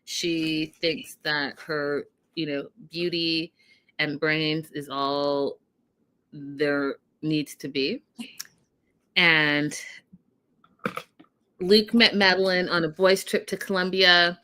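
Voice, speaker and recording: Bright-voiced woman hosting a casual recap. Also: low voice, extremely slow, long pauses, smooth. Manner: animated, laughing, addresses viewers as y'all. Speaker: reality TV recap host.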